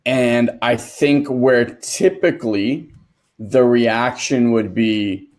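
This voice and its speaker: A man's voice: medium pitch, takes it slowly, a little mellow. A man who is a father, co-hosting a casual coaching podcast and earnestly telling a personal story. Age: adult, a father. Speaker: co-host and transformation coach.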